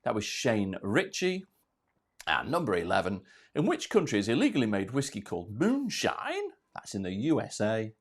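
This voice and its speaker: A man's voice: on the low side, wildly swooping pitch, moderate pace. A man hosting a live online quiz from home, out of breath, chatty and self-deprecating as he reads out questions and answers. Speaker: quiz host.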